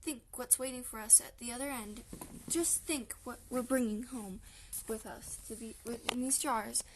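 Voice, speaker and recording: A woman's voice: fairly high pitch, slight background noise, lightly acted. A woman voicing a clever, cheerful male fox in a storybook reading. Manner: brisk, cheerful.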